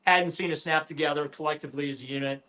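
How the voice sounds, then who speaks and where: A man's voice: on the high side, steady tone, quick pace, sharp tone. A man co-hosting a sports radio show, talking animatedly about a football game with emphatic asides and restarts. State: has the hiccups. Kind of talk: casual sports talk.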